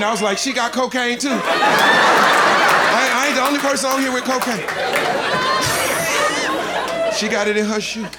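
A man doing a profane, animated stand-up comedy set in front of a live audience, acting out the people in his stories. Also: high voice, heavy background noise. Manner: animated storytelling, profane, acts out characters. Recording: live club set with loud crowd laughter.

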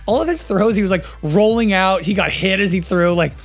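A man's voice: sits high, a little fast, soft background music. A man chatting casually on a sports podcast, rambling with lots of "like". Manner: rambling, animated, frequent "like". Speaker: podcast co-host.

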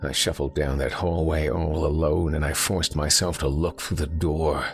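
A man's voice: extremely low pitch, flat delivery, moderate pace, faint music behind. A man voicing a dying older man with folksy rural grammar, telling his haunted story in a pained, gasping way. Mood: bitter.

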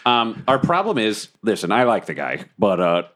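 A man with a lively, swooping voice plays a tabletop role-playing game. He is excitable and profane, laughing as he narrates his character's antics. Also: on the low side, normal speed. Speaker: player. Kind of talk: tabletop role-play, casual chat.

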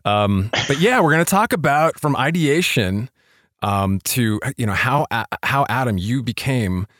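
A man's voice: mid-range voice, animated, measured pace, a bit bright, no echo, studio quality. A man hosting a podcast interview, talking casually with lots of fillers and restarts. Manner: rambling, self-deprecating, many fillers and restarts. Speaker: podcast host. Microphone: studio podcast mic.

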